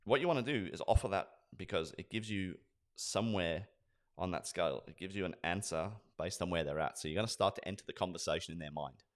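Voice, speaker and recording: A man with a notably deep voice teaches sales staff how to book meetings. He talks with energy and slips into acted role-plays of client conversations. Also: fast. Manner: energetic, acts out sales dialogues. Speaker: sales trainer. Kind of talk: instructional talk with acted role-play.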